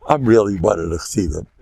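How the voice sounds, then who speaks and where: Older rabbi, gravelly joking lecture. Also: male voice, fairly low pitch, dark tone. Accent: American English with Yiddish-inflected phrasing. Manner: chatty, joking, laughs often, mixes in Yiddish and Hebrew phrases. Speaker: rabbi giving a Torah class. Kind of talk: informal Torah lecture.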